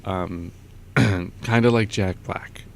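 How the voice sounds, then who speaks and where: A man's voice: sits low, very slow, creaky, slight background noise. A young man vlogging, telling a rambling story in a casual way with lots of fillers and frequent chuckles.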